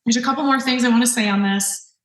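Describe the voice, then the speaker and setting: A woman's voice: on the high side, fast, a bit bright. Earnest, emotional woman in an echoey kitchen. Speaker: host. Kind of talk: heartfelt podcast monologue while cooking.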